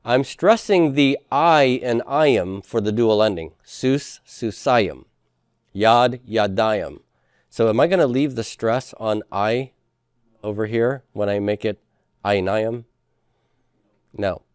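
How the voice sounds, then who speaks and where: A man's voice: mid-range voice, expressive, unhurried, darkish tone, clear, resonant tone, no room sound, clean studio sound. A man teaching a class in a lecture style, explaining step by step and often checking with the students. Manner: explanatory, asks checking questions, frequent fillers.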